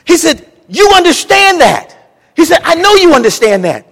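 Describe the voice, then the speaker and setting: Male preacher, high and lively voice, folksy animated sermon delivery, echoing church hall. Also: moderate pace, creaky. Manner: animated preaching, Southern folksy speech, acts out quotes. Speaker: pastor.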